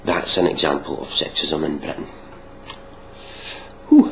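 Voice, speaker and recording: A man's voice: extremely low pitch, sing-song, a little slow, vocal fry, slight background noise, low-quality recording. A man hosting a casual reaction video, mocking and sarcastic, swearing freely.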